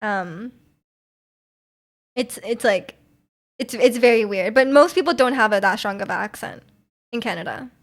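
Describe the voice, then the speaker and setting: A woman's voice: a little high, moderate pace, pauses often. A young woman streaming live, chatting casually with her viewers in a rambling, giggly way.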